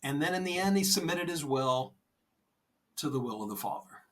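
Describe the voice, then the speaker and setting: A man co-hosting a podcast, talking about faith in an earnest, gentle, reassuring way, often saying "you know". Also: fairly high pitch, lively intonation, normal speed, far from the mic. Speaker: podcast co-host. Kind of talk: conversational faith talk.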